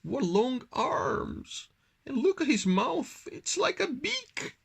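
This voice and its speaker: A man voicing a fussy, horrified mother Tyrannosaurus in a bedtime story, with shrill, squealing outbursts. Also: huge pitch swings, normal speed, slightly rough. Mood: disgusted.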